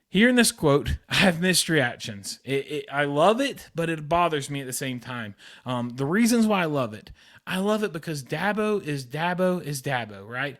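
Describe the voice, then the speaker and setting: A man's voice: a little high, very animated, normal speed, fairly bright tone. A young man hosting a casual sports podcast, talking with enthusiasm and heavy repeated emphasis. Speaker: podcast host.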